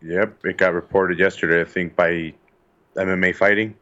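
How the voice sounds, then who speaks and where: Man, podcast co-host, very low pitch, bright sharp tone, laid-back, dull lo-fi recording. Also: steady tone, moderate pace. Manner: laid-back, short agreeing replies, swears. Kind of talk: casual chat.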